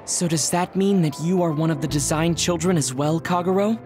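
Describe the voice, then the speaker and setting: Actor playing a level-headed young officer, measured and reasonable, faint game music. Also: male voice, a little high, natural voice.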